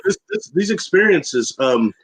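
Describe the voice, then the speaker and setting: A man's voice: high voice, huge pitch swings, a little slow, a bit bright. A man who is a guest on a radio talk show, telling rambling stories with frequent laughs and acting out the voices of people he quotes.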